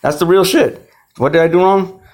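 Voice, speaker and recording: A man's voice: sits high, fairly even intonation, normal speed, a little mellow. A man giving a rambling, emotional personal monologue, swearing often and restarting his sentences. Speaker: speaker telling his own story.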